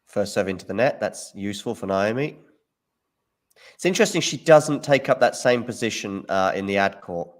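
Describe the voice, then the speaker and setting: Deep-voiced man calling tennis live. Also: normal speed. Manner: relaxed play-by-play with opinions. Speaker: watchalong host. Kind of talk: live match commentary.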